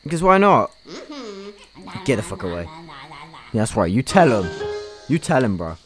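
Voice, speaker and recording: A man's voice: on the low side, very animated, normal speed, faint music behind. A young man giving crude, swear-filled gameplay commentary as a YouTube gamer, mocking the game as he plays. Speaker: gaming YouTuber.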